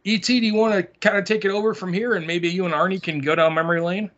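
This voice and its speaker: A higher-voiced man needles his co-hosts with crude, mocking questions on a casual podcast. He swears casually. The audio is dull and lo-fi. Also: fairly even intonation, fast talker, fairly bright tone. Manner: teasing, profane questioner. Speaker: podcast co-host.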